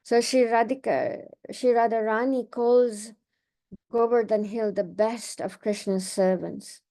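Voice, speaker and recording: A woman's voice: a little high, fairly even intonation, measured pace, dark tone. A woman speaker retelling a scripture story in a reading class, conversational with many fillers and restarts.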